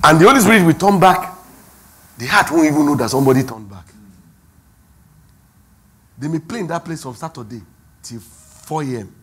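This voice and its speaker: A man with a Nigerian accent, preaching a sermon as pastor, who swings from quiet asides to loud, drawn-out emphasis. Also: a little high, lively intonation. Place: church hall.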